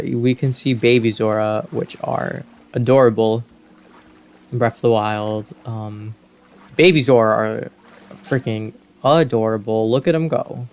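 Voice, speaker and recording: A man giving relaxed, slangy, self-amused commentary while playing a video game. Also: mid-range voice. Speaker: game streamer. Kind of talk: casual let's-play commentary.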